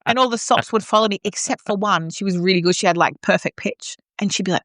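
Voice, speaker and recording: An Australian woman trades stories on a podcast in a loose, teasing way, with a cheeky edge and plenty of casual fillers. Her voice sits at a mid pitch and sounds dry and close to the mic. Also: quick pace, a bit bright, no echo. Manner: playful, teasing and a little cheeky. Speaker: opera singer and podcast co-host.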